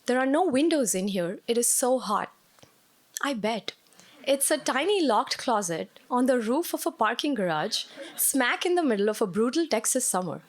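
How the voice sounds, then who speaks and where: A woman performing a personal story on stage at a live storytelling show, with a wry, self-mocking delivery. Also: on the high side.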